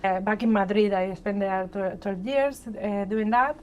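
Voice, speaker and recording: A woman's voice: medium pitch, steady tone, unhurried, a little mellow, slight background noise. A woman with a Spanish accent, a panel guest telling her career story in a chatty way that often ends with "right?". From born in Argentina, grew up in Spain. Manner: chatty, tags sentences with "right?". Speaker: panel guest, treasury leader. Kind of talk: personal story on a live panel.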